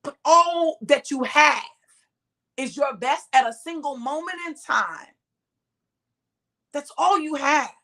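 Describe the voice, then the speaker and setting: Middle-aged woman preaching hard, bright sharp voice pitched a bit high, leans on every word. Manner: preaching directly to listeners, sharp and emphatic, slow drawn-out stresses. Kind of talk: sermon-style exhortation.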